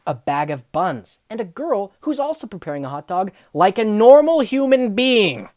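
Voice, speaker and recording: A young woman telling funny workplace stories, acting out the people in them and swinging from hushed asides to loud outbursts. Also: mid-range voice, moderate pace, no room sound, clean studio sound. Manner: animated, acts out dialogue, swings from hushed to yelling. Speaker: storyteller. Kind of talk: comedic storytelling vlog.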